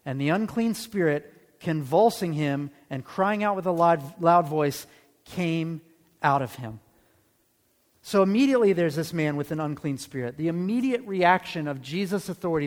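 A high-pitched man preaches a sermon as pastor in a church sanctuary, speaking conversationally and checking in with the congregation through quick rhetorical questions. The recording carries a long hall reverb.

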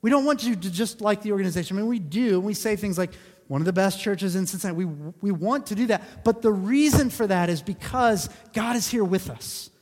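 High-voiced man preaching in a reverberant hall. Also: brisk, darkish tone. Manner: earnest preaching, repeats phrases for emphasis. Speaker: pastor. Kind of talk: sermon.

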